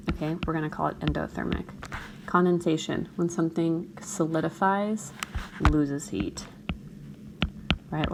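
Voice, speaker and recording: Gravelly-voiced woman teaching a lesson. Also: low-pitched, noisy background. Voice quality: morning voice, a bit gravelly. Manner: talks through a chemistry problem, checks in with "okay?" often. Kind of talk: recorded lecture screencast.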